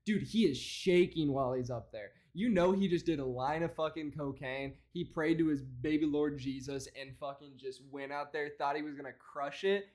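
A young man doing casual reaction commentary, profane and mocking with rapid-fire rants. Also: a little high, a little mellow.

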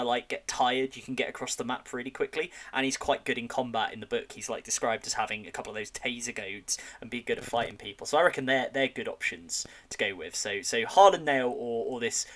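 A man talking as a podcast guest in loose, rambling casual chat, often pausing to search for words. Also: medium pitch, fairly bright tone.

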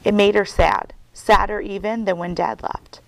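A woman's voice: mid-range voice, moderate pace, creaky, no echo, rough recording. A woman reading a children's novel aloud as a guest reader, telling it expressively. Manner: expressive storytelling.

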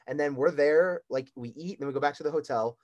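A young man, a competitive athlete and guest, chatting casually, telling stories excitedly with frequent laughs. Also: a little high, fast talker, dull audio. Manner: excitable storyteller who laughs often. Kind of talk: casual chat.

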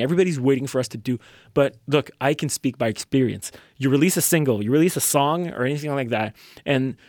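A young man hosting a solo podcast, talking bluntly and profanely in a loose, animated rant. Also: medium pitch, no room sound, studio quality. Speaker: podcast host. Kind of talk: casual solo podcast monologue.

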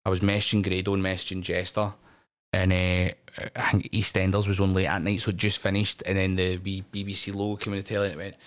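A middle-aged Scottish man with a slightly low voice, chatting on a podcast. He tells animated stories, swears freely and often breaks into laughter. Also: fast talker. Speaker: wrestling promotion owner, guest. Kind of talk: casual podcast chat.

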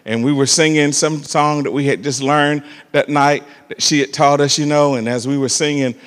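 A man preaching a sermon and telling a personal story, emphatic and animated, calling out to the congregation for amens. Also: a little high, moderate pace, big-room sound. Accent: African American church preaching. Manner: emphatic and animated, calls "amen" and "come on" to the congregation.

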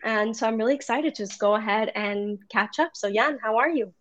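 A woman's voice: on the high side, fairly quick, fairly bright tone, highs cut off. A woman hosting a podcast, chatting casually and enthusiastically and swearing now and then. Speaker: podcast host. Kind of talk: casual chat.

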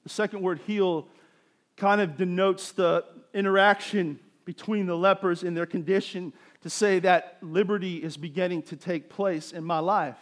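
A man preaching a sermon, building to emphatic bursts and dropping to quieter explanation. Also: high voice, steady tone, moderate pace. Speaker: pastor.

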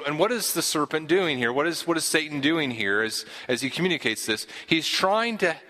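A man's voice: on the high side, pushed and bright, long reverb tail. A man preaching a sermon, explaining scripture earnestly and often repeating a word as he gathers his thought.

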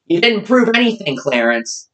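A young adult political commentator delivering a sarcastic, ranting monologue with abrupt jumps in pitch. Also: big pitch swings, normal speed, fairly bright tone, a little hiss or hum, rough recording.

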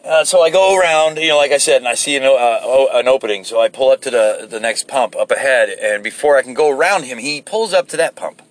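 A man telling a rambling, profane story in a casual, animated way, seated inside a vehicle. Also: mid-range voice, fast, few pauses.

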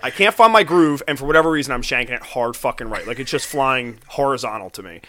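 A young man in casual banter, telling animated stories with a lot of swearing and laughter. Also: mid-range voice, fast, a little hiss or hum. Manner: animated storytelling, heavy swearing, laughing often. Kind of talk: casual chat.

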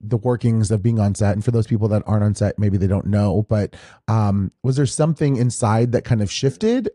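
A man's voice: on the low side, dry recording, studio quality. A man hosting a podcast, asking long, loosely phrased questions with plenty of fillers. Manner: warm, rambling questions with many fillers. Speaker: podcast host. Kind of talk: casual interview.

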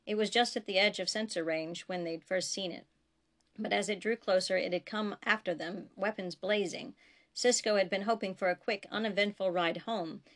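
A woman author reading her own science fiction story aloud in a steady, even narration. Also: medium pitch, moderate pace. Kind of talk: audiobook narration.

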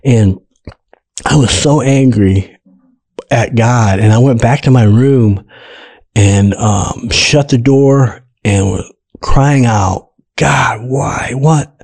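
Man, storytelling guest, mellow warm tone, lively retelling with acted-out voices, casual chat. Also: mid-range voice, slow, creaky. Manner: animated storyteller, acts out voices, laughs often. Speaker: guest telling his testimony.

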